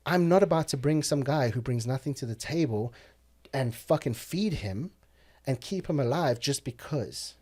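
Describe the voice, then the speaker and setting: A man's voice: medium pitch, expressive, normal speed, hardly any pauses, a little mellow, slightly rough. A man talking as a podcast guest, telling blunt, profane stories in casual conversation. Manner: blunt, profane, heated storytelling.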